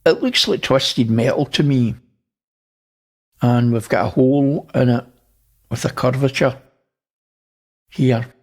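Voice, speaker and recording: A man's voice: mid-range voice, takes it slowly, long pauses. A man hosting, casually talking through images and pointing things out. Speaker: host. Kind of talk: casual narration over images.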